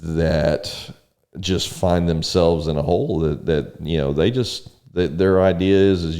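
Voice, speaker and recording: Really deep dark-voiced guy rambling earnestly in a chat, lots of restarts. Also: steady tone, measured pace. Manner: rambling, repeats words, earnest storytelling. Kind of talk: casual conversation.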